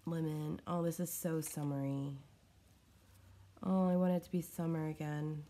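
A woman with a low, deep-set voice chats casually through an unboxing of craft supplies at home. She gushes and wanders from thought to thought, coughing now and then and sounding a little short of breath. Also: fairly even intonation, moderate pace, warm tone. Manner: chatty and scattered, gushing over small items. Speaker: craft vlogger opening fan mail. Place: at home in her living room.

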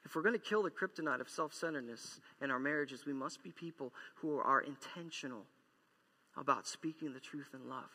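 A man's voice: on the high side, fairly quick, pushed and bright, husky. A male pastor preaching a sermon, emphatic, repeating key lines and acting out quoted apologies. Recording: long church hall reverb.

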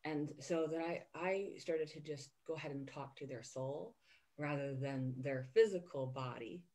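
Woman, podcast host, low voice, earnest, gently enthusiastic, casual chat. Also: unhurried.

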